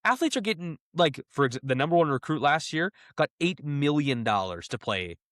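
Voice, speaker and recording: A young man co-hosting a podcast in casual chat, animated and quick to laugh. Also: a little high, no echo, clean studio sound. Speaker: podcast co-host.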